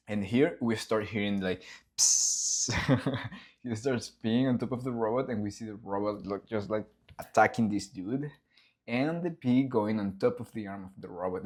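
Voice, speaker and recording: With a lowish voice, a lively man walks through the storyboards he drew as an animator. This casual behind-the-scenes vlog has him enthusiastically acting out scenes, complete with sound effects and cursing.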